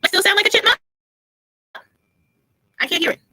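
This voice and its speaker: A woman hosting a casual reality TV review show over a video call, talking in an animated, expressive way and laughing often. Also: very high-pitched, normal speed. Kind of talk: casual chat.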